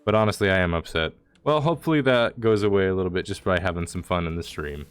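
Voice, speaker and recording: A man's voice: sits low, quick pace, clear, resonant tone. A man streaming a video game, talking casually in a rambling, jokey way with mock-dramatic lines. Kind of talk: casual gameplay commentary.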